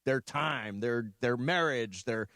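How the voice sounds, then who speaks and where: A man's voice: medium pitch, takes it slowly, fairly bright tone, dry recording. A man co-hosting a sports radio talk show, telling rambling personal anecdotes full of restarts in a casual studio chat.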